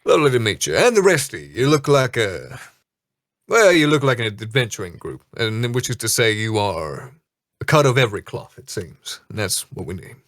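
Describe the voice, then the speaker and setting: A man's voice: on the low side, very animated, normal speed, fairly bright tone, no room sound, clean studio sound. Man voicing a suave first mate. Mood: smooth. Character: suave smooth-talking male first mate.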